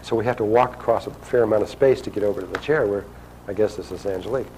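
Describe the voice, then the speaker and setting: A man's voice: fairly low pitch, fast talker, darkish tone, slight background noise, poor audio. A man telling a personal story to an audience in a loose, conversational way, acting out the dialogue. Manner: conversational, acts out quoted dialogue.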